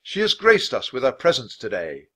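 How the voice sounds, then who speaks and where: A man's voice: mid-range voice, wildly swooping pitch, normal speed, a bit bright. A man voicing a kindly, assured playwright with courtly manners. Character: kindly confident adult playwright.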